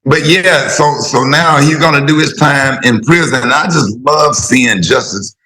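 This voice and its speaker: A man's voice: mid-range voice, measured pace, bright, forceful tone, echoey room, slight background noise, low-quality recording. A man co-hosting a radio show, talking loosely and conversationally. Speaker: radio co-host. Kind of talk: casual radio talk. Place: radio studio.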